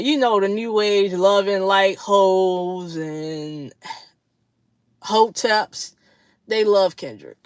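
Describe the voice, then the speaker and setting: A woman's voice: medium pitch, very slow, clear, resonant tone, dry recording. A woman hosting a casual livestream chat with her viewers, blunt, slangy and profane, laughing often between remarks. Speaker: livestream host.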